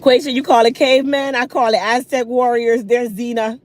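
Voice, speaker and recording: A woman in her thirties ranting casually while getting ready, sassy and animated, talking with food in her mouth. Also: high voice, takes it slowly, long pauses. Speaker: hair care vlogger.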